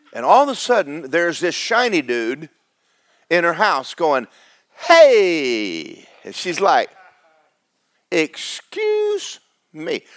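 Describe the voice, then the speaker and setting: A man's voice: mid-range voice, fairly bright tone, no echo. A man preaching a sermon, folksy and storytelling, acting out the characters. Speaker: pastor.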